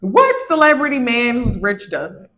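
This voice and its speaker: A woman's voice: fairly high pitch, very animated, a little slow, fairly bright tone. A woman born in Haiti and raised in Virginia, co-hosting a podcast in casual chat. She speaks in a blunt, opinionated and sassy way. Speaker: podcast co-host.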